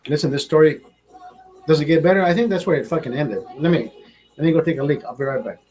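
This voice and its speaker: A young man hosting a livestream, telling a rambling, profane story in a casual, animated way. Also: fairly high pitch, fast talker, faint music behind. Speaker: livestream host.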